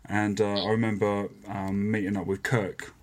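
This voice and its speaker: A man with a fairly low voice hosts a casual fitness podcast. He is chatty and laughs often, tripping over and restarting his sentences as he goes. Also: little pitch movement, normal speed. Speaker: podcast host.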